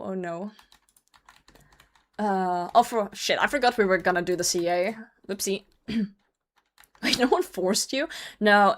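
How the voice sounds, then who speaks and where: A woman streamer chatting casually with her viewers while she plays, laughing often and swearing lightly. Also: mid-range voice. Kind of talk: casual livestream chat while gaming.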